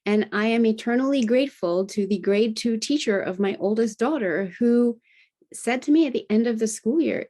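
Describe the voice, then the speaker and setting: A woman's voice: normal speed, mellow. A middle-aged woman, a health coach, telling a personal story in a conversational podcast interview and often adding "you know" and "right?". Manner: acts out remembered dialogue with lifted pitch. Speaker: guest, integrative health practitioner and health coach.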